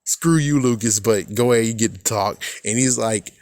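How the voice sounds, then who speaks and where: A man's voice: fairly low pitch, moderate pace, a little mellow, no room sound. A man giving a casual, rambling recap of a TV episode, swearing freely and laughing at his own jokes. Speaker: fan reviewer.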